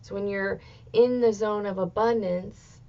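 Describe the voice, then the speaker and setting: A woman in her thirties hosting a motivational solo podcast, talking expressively and swearing freely, with bursts of excitement. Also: medium pitch, measured pace, muffled recording. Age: 30s. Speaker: podcast host.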